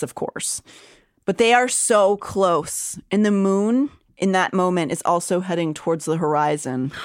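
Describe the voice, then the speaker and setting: A woman with a lowish voice recaps a novel for her podcast co-host, narrating the plot like a storyteller and pausing on dramatic gasps. The sound is dry and close, with no room around it. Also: dry recording. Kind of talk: casual book discussion and recap.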